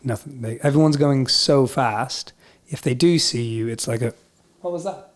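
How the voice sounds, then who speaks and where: A man's voice: medium pitch, normal speed. A man from Scotland with a mixed Scottish and English accent, telling a story in casual chat and acting out the voices of the people in it. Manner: animated, acts out quoted voices. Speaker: podcast guest musician.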